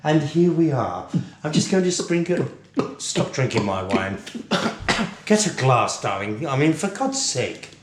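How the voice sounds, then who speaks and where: A man's voice: medium pitch, big pitch swings, a little slow, echoey room, slight background noise. A man playing a posh, tipsy middle-aged British lady who hosts a cooking show, plummy and chatty, calling everyone darling.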